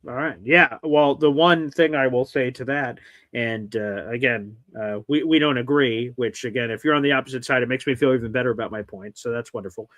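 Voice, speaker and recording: A man hosting a casual sports podcast, wry and quick with mock-dramatic asides. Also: medium pitch, fairly bright tone, no echo. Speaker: podcast host. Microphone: streamed podcast mic.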